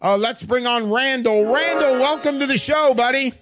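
A man hosting a radio show, pushing a product in a brash, hard-selling voice that swings up and down in pitch. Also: moderate pace. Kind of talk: pushy sales pitch radio talk.

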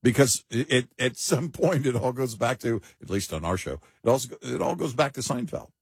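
A man's voice: medium pitch, expressive, moderate pace, creaky, husky, no room sound, studio quality. A man co-hosting a talk show, chatting casually with wry, chuckling asides. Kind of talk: casual chat.

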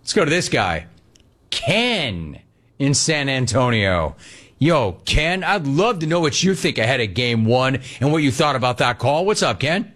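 A man hosting a sports talk radio show, animated and playful, taking calls and riffing on them. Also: mid-range voice, a little slow. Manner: animated, playful, mocks callers' voices.

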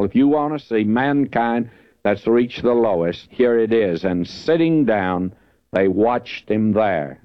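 Male preacher, low voice, earnest Bible teaching, dry muffled lo-fi tape. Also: no echo. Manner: earnest, emphatic, lifts his voice when reading scripture. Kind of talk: verse-by-verse Bible teaching sermon. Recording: dull lo-fi dry recording.

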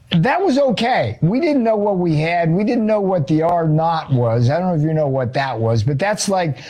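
A male author and economist, a guest on a talk show, telling an animated story and acting out quotes, with casual swearing. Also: sits high.

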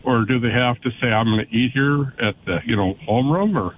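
A man calling in to a radio show, pressing skeptical questions. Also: a little fast. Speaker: caller. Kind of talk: call-in radio talk. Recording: phone line with faint rumble.

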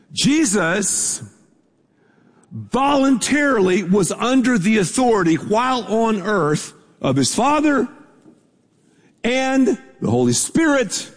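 High-voiced, husky preacher man in a reverberant hall. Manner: casual, conversational preaching with repetition and asides. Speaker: pastor. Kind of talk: sermon. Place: church sanctuary with screens. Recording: long hall reverb from a large room.

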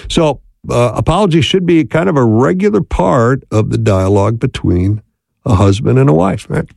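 A man's voice: mid-range voice, animated, moderate pace, creaky, a little mellow, breathy edge, no room sound, studio quality. A man giving a conversational talk on marriage, often checking in with "right?". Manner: conversational, keeps asking "right?".

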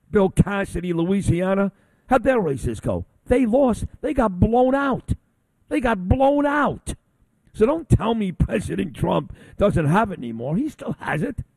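Man, radio talk host, blunt and combative rant, mellow tone, dry close sound. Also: sits high, gravelly, no room sound. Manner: blunt, combative, insulting ranting. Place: broadcasting on location from a convention.

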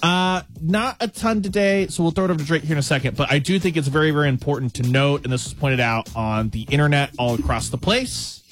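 A man's voice: fairly high pitch, fast, hardly any pauses, a bit bright, a little hiss or hum. A man hosting a sports radio show, chatting casually with co-hosts, joking and reading breaking news. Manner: jokey, reads breaking news aloud.

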